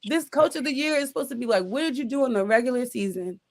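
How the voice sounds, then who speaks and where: A woman's voice: a little high, animated, quick pace. A woman hosting a casual sports chat, talking emphatically with frequent restarts and repeated exasperated questions. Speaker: sports podcast host.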